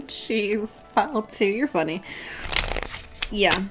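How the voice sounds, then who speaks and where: A woman's voice: medium pitch, slow pace, music in the background. A woman giving a casual tarot reading, playful and swearing freely, often breaking into laughter. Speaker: tarot reader.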